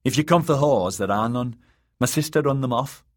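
A man's voice: mid-range voice, normal speed, pitched above the performer's own voice, lightly acted. A man voicing a wary, blunt ten-year-old girl who runs an inn, read as an audiobook character. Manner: blunt, suspicious.

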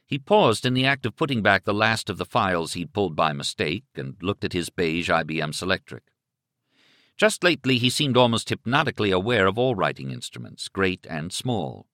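A man narrating an audiobook in a measured, suspenseful storytelling manner on a close studio mic. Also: low-pitched, big pitch swings, bright, forceful tone, no echo. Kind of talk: scripted narration.

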